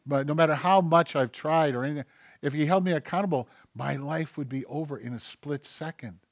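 A man preaching a sermon, moving between loud, emphatic passages and low, hushed ones, and reading scripture slowly and deliberately. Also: no echo, studio quality. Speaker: pastor.

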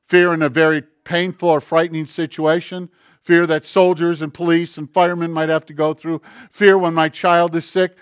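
Earnest, slightly high-voiced male preacher. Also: level tone, clean tone, no echo, studio quality. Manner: conversational, earnest, slowing on key phrases; acts out dialogue and asides. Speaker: pastor. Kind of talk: sermon.

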